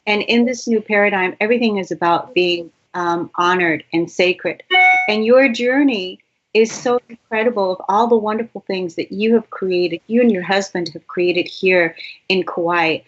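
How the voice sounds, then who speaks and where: A woman's voice: medium pitch, moderate pace, lo-fi sound. A woman hosting a talk show, reading a glowing introduction and chatting in an emphatic, gushing way. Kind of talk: warm interview introduction.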